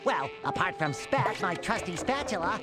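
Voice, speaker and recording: A bubbly, naive young sea sponge chatters through game commentary. His voice is high and swoops all over the place. Loud game music plays behind. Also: very animated, moderate pace. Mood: cheerful. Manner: bubbly, chirpy, exaggerated.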